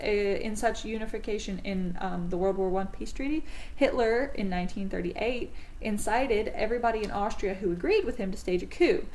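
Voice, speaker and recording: A woman teacher giving a casual history lecture in a slightly high voice. She talks in a chatty, jokey way, often stopping to say um or correct herself mid-sentence. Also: darkish tone, slight background noise, low-quality recording. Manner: chatty, jokey, with many ums and self-corrections.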